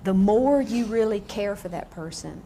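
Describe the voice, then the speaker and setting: A woman's voice: medium pitch, normal speed, slight background noise. Frank woman lecturing a class. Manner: frank, lively, asks the room questions. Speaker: grief educator. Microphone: on camera, room mic.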